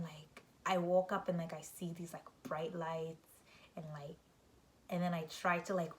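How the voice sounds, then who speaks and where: A young woman vlogger telling a casual story, animated and full of "like", breaking into high, shrieking quoted voices.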